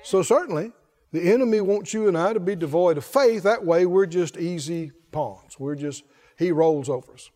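A male pastor preaching a sermon in an emphatic call-and-response style, shouting some refrains. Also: high voice, moderate pace.

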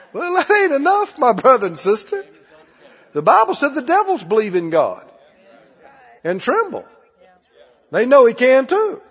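A male preacher delivering a call-and-response sermon, with folksy phrasing and shouts on key lines. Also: very high voice, wildly swooping pitch, measured pace, pauses often, breathy edge, a faint crowd. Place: church sanctuary. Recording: lo-fi hall recording. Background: congregation responding.

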